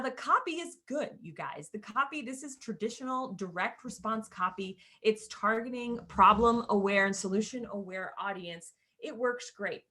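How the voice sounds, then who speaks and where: A woman's voice: mid-range voice, fairly bright tone. A woman teaching a screen-share tutorial, in a chatty way with casual asides, often calling her viewers "you guys.". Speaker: course creator teaching sales page design.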